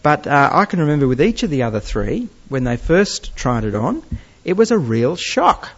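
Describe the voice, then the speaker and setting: Man preaching, animated and fairly high-pitched, dull lo-fi recording. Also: moderate pace. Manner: lively storytelling with gentle humour. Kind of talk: sermon.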